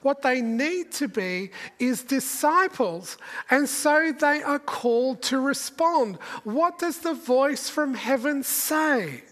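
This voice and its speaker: A woman preaching a sermon in a slow, deliberate way, asking the listeners many rhetorical questions. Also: high-pitched, animated, fairly bright tone. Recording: long reverb of a large hall.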